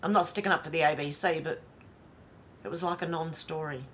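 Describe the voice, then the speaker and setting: A woman's voice: low voice, steady tone, a little fast, a little hiss or hum. An Australian woman vlogger reading social media posts aloud and commenting on them in a chatty, wry way. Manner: chatty and wry, with sighs and asides.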